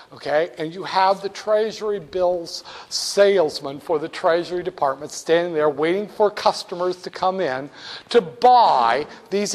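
Animated, joking male lecturer. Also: a little high. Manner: animated, joking, talks to students. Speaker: teacher. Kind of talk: classroom lecture.

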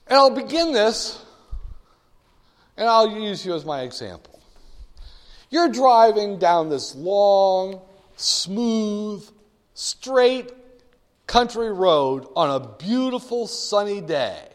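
A man lectures a class in a lively, joking way, spinning everyday stories to explain an idea. His voice sits a little high for a man. The sound rings with the long reverb of a big lecture hall. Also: takes it slowly, long pauses. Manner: animated, joking storyteller.

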